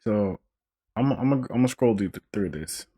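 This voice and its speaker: A young man hosting a casual solo podcast, ranting in an animated, profane and joking way, often restarting his sentences. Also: lowish voice, a little slow, slightly rough. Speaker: podcast host.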